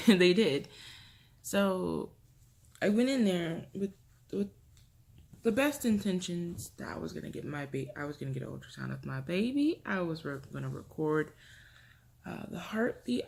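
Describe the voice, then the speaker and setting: Young woman with a gravelly voice. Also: on the low side. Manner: emotional, halting, with restarts and soft drops. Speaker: vlogger. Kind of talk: personal storytelling to camera.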